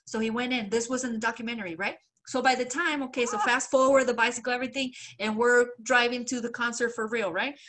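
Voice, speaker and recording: A woman's voice: a little high, steady tone, fast talker, hardly any pauses, fairly bright tone. A woman co-hosting a podcast, telling a long story in casual chat, acting out the quoted voices and laughing often. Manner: loose swearing and filler. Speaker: podcast co-host.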